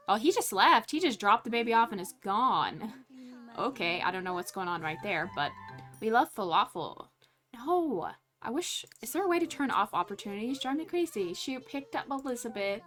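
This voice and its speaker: A woman narrating her life-sim game in chatty let's play commentary. Her fairly high voice swings up and down, and she reacts aloud with laughs and quick exclamations. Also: sing-song, fairly bright tone. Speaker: gaming channel host.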